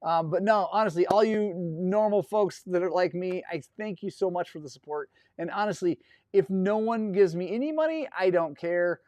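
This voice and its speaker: A man talks casually on a live stream, rambling and effusive as he thanks his viewers again and again. His voice sits a bit high. The sound is dry and close to the mic. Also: moderate pace, a little mellow, no room sound. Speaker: host of a dirt bike live stream.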